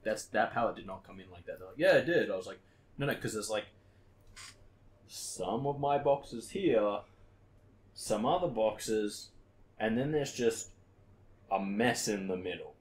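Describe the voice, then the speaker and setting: A man with a fairly low voice tells rowdy workplace stories on a podcast, peppering them with swearing and quick voices for the people in them. A faint hiss sits under the recording. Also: expressive, darkish tone. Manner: swears a lot, acts out his old workmates in quotes. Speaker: podcast co-host. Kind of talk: casual storytelling chat.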